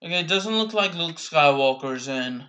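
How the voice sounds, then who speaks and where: A young man casually commentating his own gameplay, rambling slowly with restarts, bothered by hiccups and coughs. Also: a little high, expressive, sharp tone.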